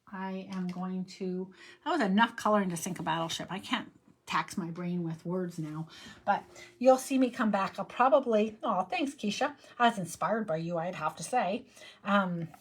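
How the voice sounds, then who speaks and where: This card-making livestream host talks in a medium-pitched, slightly rough voice with lively intonation at normal speed. She chats and rambles casually while stamping and colouring, humming and singing to herself along the way.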